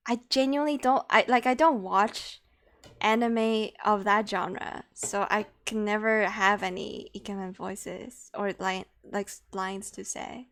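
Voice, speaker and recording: A woman's voice: medium pitch, steady tone, unhurried, a bit bright. A young woman streaming live, chatting casually in a playful, giggly, self-mocking way.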